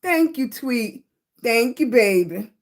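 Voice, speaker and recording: A woman's voice: a little high, expressive, takes it slowly. A middle-aged woman chatting casually with her livestream viewers, short of breath, laughing often and greeting people by name. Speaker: livestream host.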